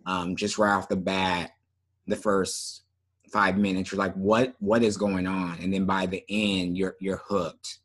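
A man co-hosting a podcast in casual chat, relaxed and often trailing off with fillers. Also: sits low, a little slow. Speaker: podcast co-host.

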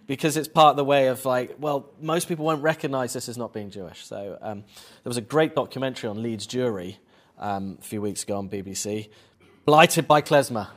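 A man's voice: mid-range voice, normal speed, a bit bright. Man giving a chatty lecture. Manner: chatty, quizzes the audience with questions. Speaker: film professor giving a lecture. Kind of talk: conversational public lecture.

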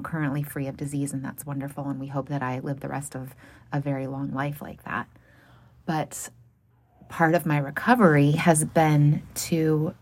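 A woman's voice: low voice, husky. A woman who runs a small art business tells a personal story frankly and plainly, laughing now and then between lines.

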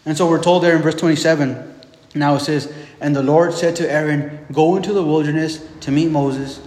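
A man's voice: on the high side, steady tone, normal speed, darkish tone. A man preaching a casual, conversational sermon, often repeating words and checking in with "right?". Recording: echoey hall with long reverb.

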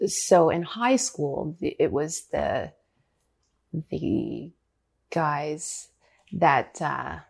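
A woman, a ballet dancer, answering interview questions in a thoughtful, halting way, often searching for words. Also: deep voice, lively intonation, gravelly, a little mellow, slightly rough. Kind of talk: interview conversation.

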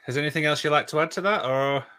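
A man's voice: fairly high pitch, fast, bright, forceful tone. A man hosting a podcast in casual chat, giggling and reading out viewer comments. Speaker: podcast host.

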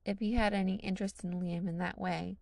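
A woman's voice: medium pitch, fairly even intonation, brisk, gravelly, a little mellow, no echo. A woman narrating a fan fiction story in a casual, wry reading style.

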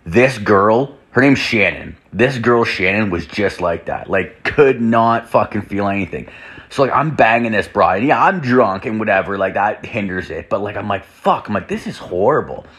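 Young dude drinking and rambling crude stories at home, lowish voice, says like constantly, swears a ton. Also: male voice, expressive, normal speed, a bit bright. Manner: rambling, heavy filler "like", profane. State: drinking whiskey. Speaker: podcast host. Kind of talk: crude storytelling monologue. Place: home room with door open.

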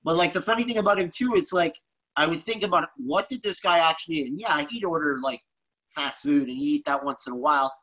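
A man's voice: on the high side, fast, fairly bright tone, rough recording. A man hosting a casual podcast, laid-back, swearing freely and calling people "bro". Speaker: podcast host.

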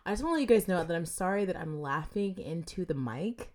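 A woman chats as a podcast guest in a fairly low voice that jumps around in pitch. She laughs at herself constantly and drops curse words without meaning to. Her manner is loose and self-mocking. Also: animated, quick pace, darkish tone. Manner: giggly, self-deprecating, swears often. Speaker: guest, actress and singer. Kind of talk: casual podcast chat.

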